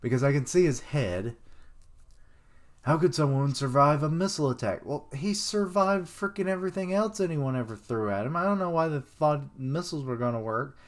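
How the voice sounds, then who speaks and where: A man reading a manga chapter aloud on a live stream, chatting and thinking out loud as he goes. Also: on the high side, expressive, normal speed.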